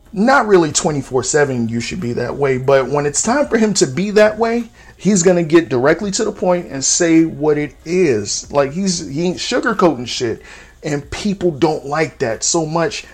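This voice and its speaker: Blunt, opinionated man in his thirties. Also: fairly high pitch. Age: 30s. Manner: voice jumps up sharply for emphasis. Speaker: podcast host. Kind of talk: casual solo podcast monologue.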